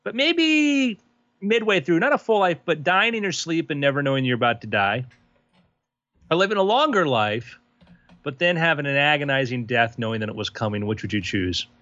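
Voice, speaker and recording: A man voicing a wealthy, secretive man in his sixties, calm and quietly unsettling in a comedic role-play. His delivery is measured, with lively rises and falls in pitch. The audio is a little dull and lo-fi. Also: no room sound. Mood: probing. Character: reclusive wealthy older man, calm and creepy. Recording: slightly dull lo-fi podcast audio.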